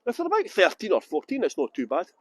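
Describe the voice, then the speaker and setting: A middle-aged Scottish tour guide leads a livestreamed walking tour through city streets, greeting viewers and cracking cheeky jokes into a gimbal-mounted phone. His high-pitched, slightly rough voice swoops wildly, and he talks fast.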